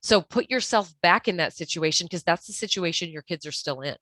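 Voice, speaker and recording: This is a woman's lowish voice, recorded close and dry on a podcast mic. She speaks as a guest expert and gives earnest, practical advice, restarting her sentences as she goes. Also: lively intonation, brisk, fairly bright tone, dry recording. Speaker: guest expert on toxic relationships. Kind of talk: podcast interview.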